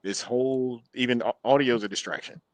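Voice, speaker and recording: A man's voice: medium pitch, steady tone, fast talker, dry recording. A man who served in the army, talking earnestly and candidly in casual conversation. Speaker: army veteran. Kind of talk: casual chat.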